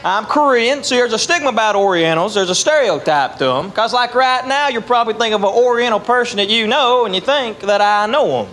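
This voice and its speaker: High-voiced Tennessee drawl comedian. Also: male voice, lively intonation, fairly quick, hardly any pauses, fairly bright tone. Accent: East Tennessee Southern. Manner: folksy drawl, chuckles between lines. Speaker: stand-up comedian. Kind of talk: stand-up comedy set. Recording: live club recording with crowd and hum.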